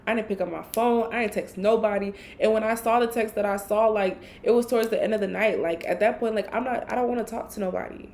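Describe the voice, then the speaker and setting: A woman hosting a solo podcast, telling a personal story in a blunt, profane, animated way. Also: medium pitch, a little fast. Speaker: podcast host.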